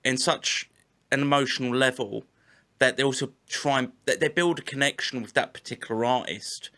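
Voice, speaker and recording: A man's voice: mid-range voice, fairly even intonation, normal speed, bright, forceful tone. A man who plays in a band, a podcast guest in casual chat who rambles, swears freely and corrects himself.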